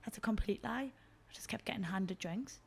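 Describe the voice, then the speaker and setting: A woman on a podcast, chatting casually with friends. She teases the others and tells her stories with lively energy. Her voice sits at an ordinary middle pitch. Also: fairly quick, creaky, husky. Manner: teasing, lively storyteller. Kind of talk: casual chat.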